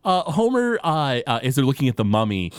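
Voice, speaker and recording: A man co-hosting a casual podcast, retelling cartoon scenes with lots of fillers and quick impressions. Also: mid-range voice, very animated, clear, resonant tone, no room sound, studio quality. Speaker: podcast co-host. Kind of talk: casual chat recapping a cartoon episode.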